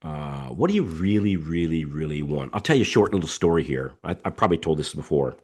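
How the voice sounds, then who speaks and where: Animated deep-voiced man coaching on a call. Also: a little fast, husky. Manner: emphatic, repetitive, animated storytelling. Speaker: coaching host. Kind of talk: live video call coaching session. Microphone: video call microphone.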